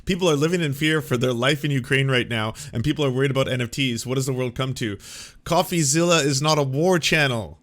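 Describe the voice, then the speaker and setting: A man commenting on a video during a live stream, sarcastic and quick to laugh, swearing freely. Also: mid-range voice, fairly bright tone.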